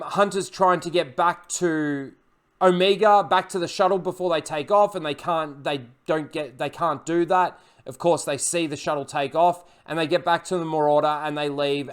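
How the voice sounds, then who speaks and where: A man's voice: fairly high pitch, a bit bright, smooth. A man recapping and reviewing a TV episode in a casual, rambling way, full of fillers and blunt, profane criticism.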